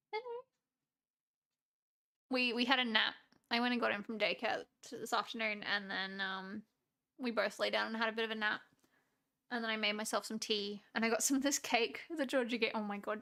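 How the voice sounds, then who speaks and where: Her voice is fairly high, gravelly and bright, with a forceful tone. An Australian woman, she wanders through a casual live-stream chat with her audience, often breaking into laughter and leaving thoughts unfinished.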